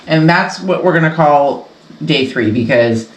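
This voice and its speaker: A woman's voice: deep voice, animated, a little slow, roomy sound, slight background noise, rough recording. A woman hosting a casual sew-along quilting vlog from her home sewing room, talking in a chatty, rambling way and laughing often. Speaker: quilting channel host.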